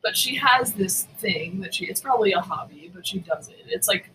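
A woman's voice: mid-range voice, animated, moderate pace, bright, forceful tone, distant mic, slight background noise, poor audio. A woman co-hosting a casual podcast chat, with wry, teasing asides.

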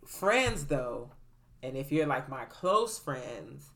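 A woman's voice: rumbling low, slow. A woman co-hosting a casual chat, telling stories animatedly and often laughing as she talks. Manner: animated storyteller, laughs while talking.

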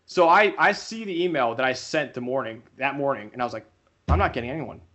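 A young podcast co-host tells a story casually and fast, his voice at medium pitch. He's animated, acting out the voices of the people he quotes.

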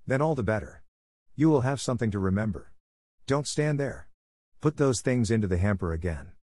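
A man voicing a stern, furious schoolmistress who scolds in sharp, cutting words. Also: fairly low pitch, animated, fairly quick, no echo, studio quality. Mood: scolding.

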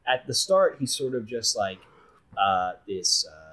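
A man's voice: medium pitch, unhurried, rough recording. A young man co-hosting a podcast, chatting casually and rambling a bit as he reviews a movie. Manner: relaxed, rambling with fillers. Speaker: podcast co-host.

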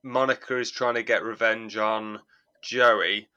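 A man's voice: lowish voice, steady tone, measured pace, pushed and bright, lo-fi sound. A man, co-hosting a podcast, recapping an episode in rambling, amused casual chat. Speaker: podcast co-host.

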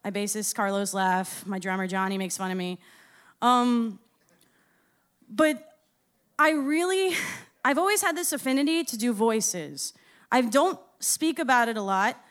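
A woman in her thirties tells a story live on stage in a high, bright-ringing voice. Her delivery is casual and self-deprecating, peppered with swearing and quick laughs. The tone stays clean and clear throughout. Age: 30s. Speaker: storyteller and musician.

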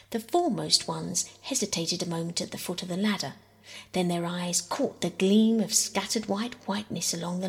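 A woman reading a classic children's story aloud as a soft bedtime audiobook, often half-whispering. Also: on the low side, gravelly, breathy edge. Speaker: audiobook narrator.

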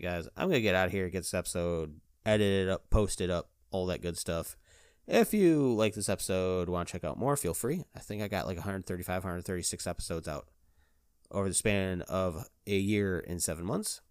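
A man hosting his own podcast, chatting alone in an excitable, rambling way full of "like". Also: deep voice, moderate pace, clear, resonant tone, dry recording, clean studio sound. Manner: excitable, rambling, fills talk with "like". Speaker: podcast host. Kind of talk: casual solo chat.

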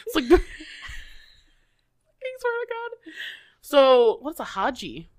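A young woman from the Midwest co-hosting a casual podcast, her voice sitting a little high and leaping all over the place as she jokes and giggles. The sound is close and dry, with no room around it. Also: huge pitch swings, slow, no echo. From American Midwest. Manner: playful, jokey, giggly banter. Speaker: podcast co-host. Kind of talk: casual chat.

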